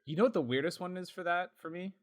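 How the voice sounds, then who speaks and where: A man co-hosting a podcast in casual chat, talkative and quick to laugh, with plenty of fillers. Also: high voice. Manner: chatty, laughs often, lots of fillers. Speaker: podcast co-host.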